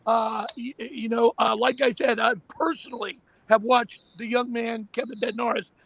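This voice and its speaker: A man hosting a casual talk show, animated and emphatic, often repeating himself. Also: extremely high pitch, moderate pace, creaky, husky, dry recording. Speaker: show host.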